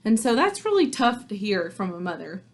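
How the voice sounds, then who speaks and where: A woman's voice: medium pitch, sing-song, moderate pace, a little hiss or hum. A woman teacher giving a casual, chatty recap of a play to her class, full of likes and ums. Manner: chatty, filler-heavy, informal.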